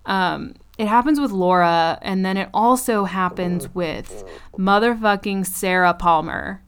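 A woman co-hosting a podcast, retelling a show in casual chat, animated and profane, laughing often. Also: mid-range voice, a little slow. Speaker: podcast co-host.

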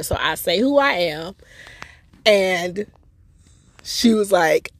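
A woman hosting a podcast, telling a personal story in an emotional, expressive way with laughter. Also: on the low side, measured pace, no echo. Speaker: podcast host.

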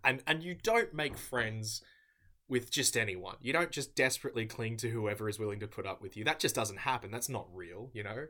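Bright-voiced deadpan man. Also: medium pitch, fairly quick. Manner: deadpan mock-earnest. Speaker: debater. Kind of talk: mock debate speech.

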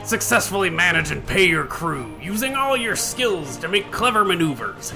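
A man putting on a pirate voice to read a game description with theatrical, drawn-out delivery. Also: high-pitched, big pitch swings, creaky, over music, exaggerated voice, rough recording. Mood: swaggering.

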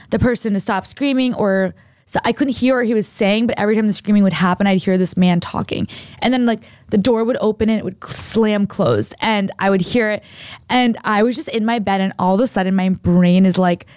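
A clean studio recording with no room sound captures a young woman's medium-pitched voice. She casually rambles through a long story on a podcast, retelling it with energy and leaning heavily on "like."

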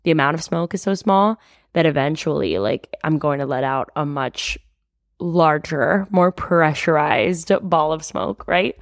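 Unhurried and low-pitched, a young woman talks through her feelings on her own podcast. Her tone is confiding and casual, full of "like" fillers and some swearing, recorded cleanly in a studio without any room sound.

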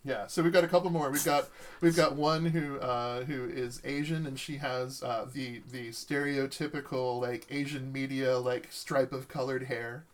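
Halting man narrating as game master. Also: medium pitch, fairly even intonation. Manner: halting, full of fillers and restarts.

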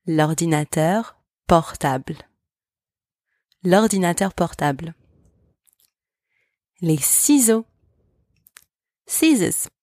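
Woman, language teacher, deliberate slow delivery, lowish pitch, dry close mic. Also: darkish tone, no room sound. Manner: slow, careful enunciation of words. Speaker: French teacher, podcast host. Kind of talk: language lesson with repeat-after-me drills.

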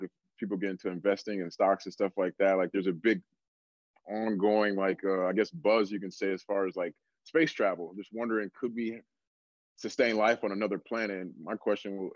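A young adult man, a strength coach, telling stories in a relaxed casual way, full of fillers. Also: on the low side, brisk, no echo, muffled recording. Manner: relaxed storytelling, many fillers like "like". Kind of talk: casual podcast conversation.

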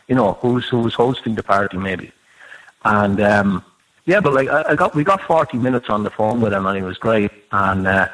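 A man's voice: fairly low pitch, low-quality recording. A man telling a rambling anecdote in a casual podcast chat, swearing freely as he goes. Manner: swears freely, animated storytelling.

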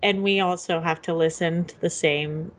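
A young woman co-hosting a podcast in casual chat, relaxed and rambling with lots of fillers. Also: on the low side, normal speed. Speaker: podcast co-host.

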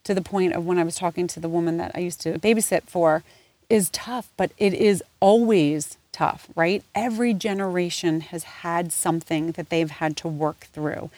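Candid mother podcasting, low and dry. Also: darkish tone, no echo. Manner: candid and emotional, swears freely, rambling with restarts. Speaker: podcast host. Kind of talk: casual personal podcast monologue.

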